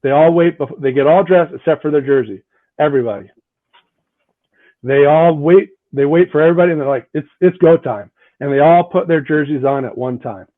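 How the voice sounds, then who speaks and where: A man's voice: on the high side, brisk, dry recording. A man being interviewed as a guest hockey coach, talking earnestly and often tagging his points with "right? like". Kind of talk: conversational interview answers. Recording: tinny phone-like line, dry.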